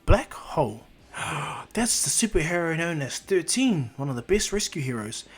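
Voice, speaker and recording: A man voicing an earnest, caring teenage hero in a fan-told story, speaking softly and thoughtfully. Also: fairly high pitch, very animated, normal speed, husky, faint music behind.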